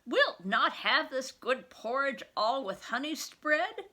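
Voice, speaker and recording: A woman's voice: high voice, big pitch swings, slow, bright, forceful tone, voice pushed up, heavily acted. Older woman doing Dame Ellen, a wheedling old nurse. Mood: coaxing. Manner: old-fashioned, wheedling speech. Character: older female nurse, coaxing then scolding.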